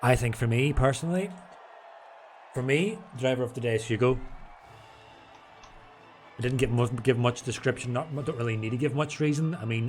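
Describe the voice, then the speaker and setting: A man casually commentating a sim race from home, chatty and rambling, a bit tipsy. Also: mid-range voice. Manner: chatty, rambling, restarts and jokes. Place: home room.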